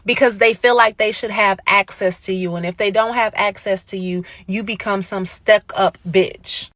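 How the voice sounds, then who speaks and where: A woman's voice: mid-range voice, fairly even intonation, normal speed, a bit bright, dry recording. A woman ranting in a short clip, emphatic and indignant.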